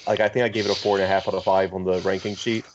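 A man's voice: low-pitched, little pitch movement, rapid-fire. A man on a podcast panel, chatting casually with dry teasing. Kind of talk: casual chat. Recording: muffled call with faint hiss.

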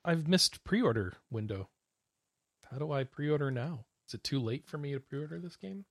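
A man co-hosting a gaming podcast in casual chat, excitable and quick to exclaim. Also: a little high, no room sound, studio quality. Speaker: podcast co-host.

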